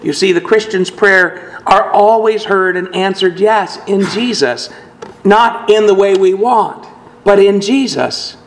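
A man with a somewhat high voice preaches a sermon to his congregation. He speaks earnestly and measured, and he gives the scripture quotations a dramatic lift. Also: poor audio. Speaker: pastor.

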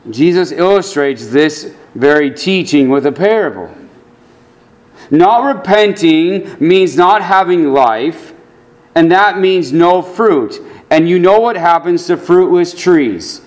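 Earnest, slow-preaching male pastor. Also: lively intonation. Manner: earnest, swings between quiet low asides and raised emphatic lines. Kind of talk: sermon.

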